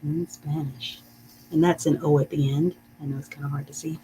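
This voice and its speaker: A teacher leading a live-streamed reading lesson, saying phrases slowly and carefully, checking in with "okay?" and chuckling often. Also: mid-range voice, little pitch movement, dark tone, a little hiss or hum, poor audio. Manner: reads out viewer comments.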